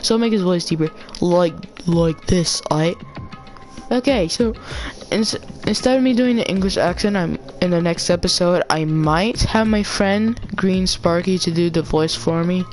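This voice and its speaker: A woman's voice: lowish voice, normal speed, hardly any pauses, a little mellow. A woman reads a game's dialogue aloud as she plays, tripping over words and restarting them. She talks in a casual, unpolished way, with faint music underneath. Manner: stumbling, restarts words while reading. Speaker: let's player. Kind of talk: reading game dialogue aloud.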